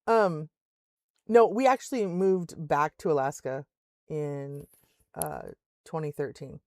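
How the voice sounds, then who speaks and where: A woman's voice: low-pitched, takes it slowly, dry recording, studio quality. An older woman telling stories in a casual chat while streaming a game, laughing often and acting out the voices of other people. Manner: chatty storyteller, laughs often, acts out voices. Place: home in Alaska.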